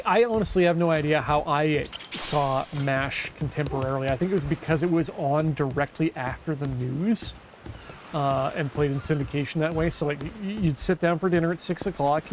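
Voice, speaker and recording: A man's voice: fairly high pitch, slight background noise. A man streaming a game live, rambling through casual asides and restarting his sentences as he goes. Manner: rambling, self-interrupting asides. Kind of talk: casual commentary while playing. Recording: game music behind the voice.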